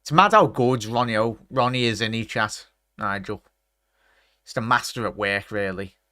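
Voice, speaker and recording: A man, chatting to his live chat during a football watchalong and breaking into excited shouts at big chances. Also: fairly low pitch, normal speed, no echo, studio quality. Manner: talks straight to his chat. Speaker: watchalong streamer.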